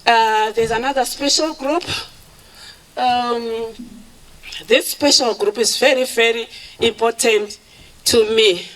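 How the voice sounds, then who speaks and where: A woman speaks at a charity event in a high, bright voice. She takes her time, slipping between English and Shona and thanking people with open emotion. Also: slow pace, pauses often, low-quality recording. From Zimbabwe. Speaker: charity founder giving a speech. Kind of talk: public speech at an event.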